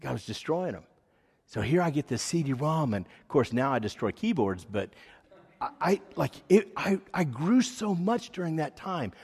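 A man's voice: fairly high pitch, very animated, moderate pace, gravelly, a little mellow, breathy edge. A man giving an earnest, rambling personal testimony as a sermon. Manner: rambling, earnest storytelling with frequent fillers. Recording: echoey hall reverb.

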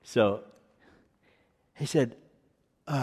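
A man's voice: fairly low pitch, animated, measured pace, long pauses, a little mellow, husky. A man giving an earnest, rambling personal testimony as a sermon. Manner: rambling, earnest storytelling with frequent fillers. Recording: echoey hall reverb.

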